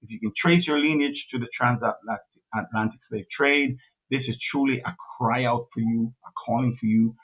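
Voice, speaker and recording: A man's voice: medium pitch, a little fast, breathy edge. A man hosting a livestream in casual chat, effusive and repeating himself, often saying "man". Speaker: livestream host. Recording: tinny phone-like audio.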